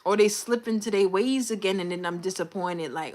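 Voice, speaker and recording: A woman's voice: mid-range voice, brisk, darkish tone. A young woman hosting a casual livestream, talking candidly and venting in a loose, conversational way. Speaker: livestream host. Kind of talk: casual live-stream chat.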